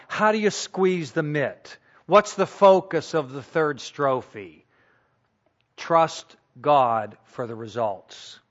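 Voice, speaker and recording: A man preaching a sermon, teaching slowly and deliberately and repeating key points for emphasis. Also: on the high side, a bit bright, dull audio. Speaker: pastor.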